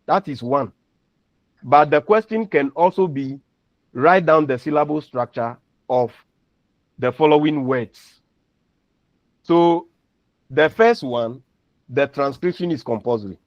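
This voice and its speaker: A man's voice: medium pitch, expressive, measured pace, long pauses, no room sound. A man lecturing on phonetics, patiently explaining and repeating example words. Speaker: university lecturer. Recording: dull lo-fi recording.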